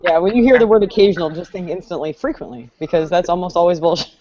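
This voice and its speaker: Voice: mid-range voice, fast talker, lo-fi sound, very noisy. A co-host on a casual skeptics podcast, dropping wry, sarcastic quips. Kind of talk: casual chat. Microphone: video call.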